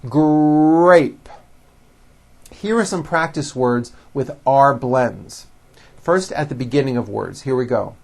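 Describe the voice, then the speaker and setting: A man teaching English pronunciation, drilling words slowly and over-enunciating each sound for the listener to repeat. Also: mid-range voice, lively intonation, vocal fry. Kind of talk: slow, careful drill teaching.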